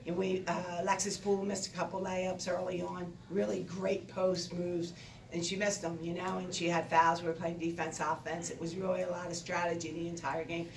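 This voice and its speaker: An older woman, a basketball coach, talking in an animated, rambling way at a postgame press conference. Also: on the low side, moderate pace, gravelly, a little hiss or hum. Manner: animated, talkative, rambling with restarts. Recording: echoey room, distant mic, faint ambience.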